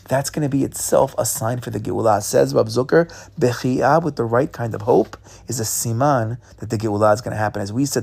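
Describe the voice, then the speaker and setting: A man giving an animated Torah lecture, weaving Hebrew terms into quick, engaged teaching. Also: mid-range voice, creaky. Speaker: rabbi giving a Torah class.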